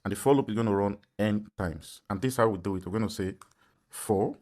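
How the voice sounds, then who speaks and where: A man's voice: fairly low pitch, fairly quick, darkish tone. A man teaching a programming lesson, explaining step by step and often checking in with "right?". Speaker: programming instructor. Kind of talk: tutorial lecture.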